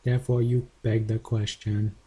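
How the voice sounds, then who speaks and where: A man reading an online commenter's remarks through a robot voice effect, in a flat, mechanical delivery. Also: on the low side, normal speed, breathy edge. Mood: lecturing.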